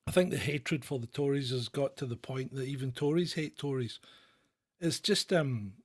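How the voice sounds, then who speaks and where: A man's voice: medium pitch, moderate pace, breathy edge. A man hosting a live political show, chatting casually with many fillers and restarts.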